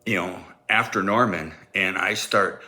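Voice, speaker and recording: A man telling a comic personal story in an animated way, acting out sounds and voices. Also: low-pitched, unhurried.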